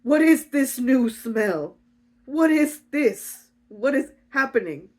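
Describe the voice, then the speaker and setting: A woman's voice: high voice, expressive, slow pace, voice pushed up, heavily acted. Woman doing a plaintive insecure male lover. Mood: bewildered. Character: insecure self-pitying male love interest.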